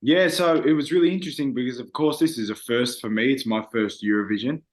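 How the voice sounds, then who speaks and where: A man's voice: medium pitch, quick pace. A young man, a singer, talking earnestly and reflectively in a casual interview, with frequent fillers.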